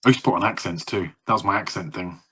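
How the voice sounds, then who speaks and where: A man in his thirties with a husky, slightly breathy voice, co-hosting a casual podcast chat. He rambles from story to story, laughs easily and swears freely. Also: deep voice, fast, fairly bright tone. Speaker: podcast co-host.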